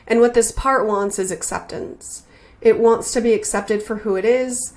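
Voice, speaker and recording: A woman hosting a spiritual podcast, speaking slowly and earnestly in a heartfelt, reflective way, often repeating her phrases. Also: mid-range voice. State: emotional, near tears.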